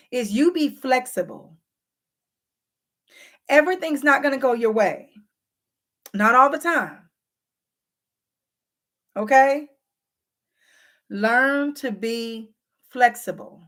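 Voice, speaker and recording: A slightly high-voiced woman hosting a casual relationship advice vlog, speaking directly to her audience. She is frank and teasing, and she acts out both sides of everyday arguments. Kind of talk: casual advice talk to viewers.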